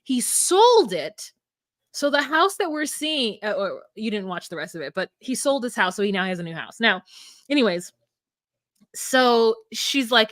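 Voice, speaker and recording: Animated woman telling a story, dry sound. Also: on the high side, normal speed, dry recording. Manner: animated storyteller, laughs often. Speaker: podcast co-host. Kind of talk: casual recap chat.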